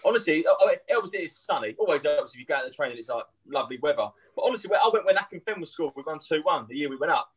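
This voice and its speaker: Fast-talking husky lad. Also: male voice, fairly high pitch, poor audio. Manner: fast, animated, crude storytelling. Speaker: podcast guest. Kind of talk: casual chat.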